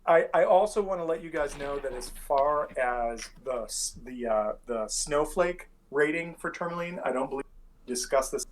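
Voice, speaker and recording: A man's voice: fairly high pitch, expressive, normal speed, poor audio. A man narrating as dungeon master in a tabletop game, rambling and filling his lines with many fillers. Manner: loose, rambling, heavy on fillers.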